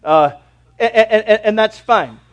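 High-voiced preaching pastor. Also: male voice, unhurried, lo-fi sound. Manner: preachy, emphatic, dramatic swings in loudness. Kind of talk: sermon.

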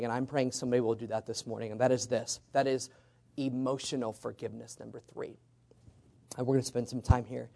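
A man's voice: a little high, darkish tone. A male pastor preaching a conversational sermon in church, coaxing the congregation to call back responses.

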